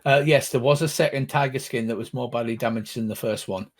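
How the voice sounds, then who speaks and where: A man acting as game master, explaining rules and the scene in a measured, patient way. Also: medium pitch. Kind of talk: running a tabletop game over a call.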